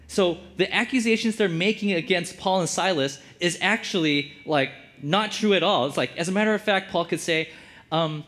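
A man's voice: fairly high pitch, a bit bright. A man giving casual Bible teaching as a preacher, conversational and full of filler words. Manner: conversational, lots of "like" fillers, acts out quotes.

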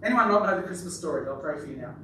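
A man's voice: fairly high pitch, lively intonation, very fast, noisy background. A man preaching a chatty, joking sermon in church, drawing responses from the congregation. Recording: echoey church from far off.

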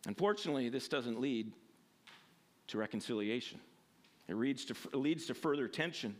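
A man's voice: medium pitch, normal speed. A man preaching a sermon, reading a Bible passage and explaining it in a conversational way, with fillers and self-corrections, sometimes acting out the people in the story. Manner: animated, acts out the people in the story with a raised voice. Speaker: pastor.

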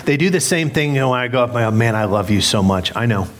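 A man's voice: mid-range voice, animated, fast, slight background noise. A middle-aged man preaching a sermon as pastor, candid and self-deprecating as he tells a story with humor. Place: church sanctuary.

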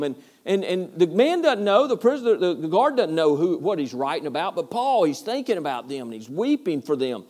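A man's voice: a little high, sing-song, a little fast, hardly any pauses, a little mellow. A man pastor preaching a verse-by-verse sermon with earnest, repetitive phrasing. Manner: earnest, repetitive, stumbling restarts, rising to passion.

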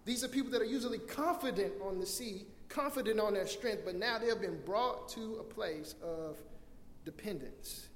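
A man's voice: high voice, normal speed. A man preaching a sermon as pastor, impassioned, often repeating and restarting his words. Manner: impassioned preaching, acts out scenes in loud cries. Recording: echoey hall with long reverb.

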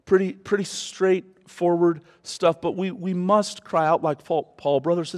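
A man preaching a sermon as pastor, earnest, swinging from hushed lines to loud rises. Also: high-pitched, steady tone, measured pace, few pauses, long reverb tail.

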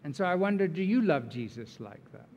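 A man's voice: high voice, very animated, brisk, a little mellow, dull audio. A man preaching a sermon as pastor, earnest and emphatic as he walks through scripture. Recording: long reverb of a large hall.

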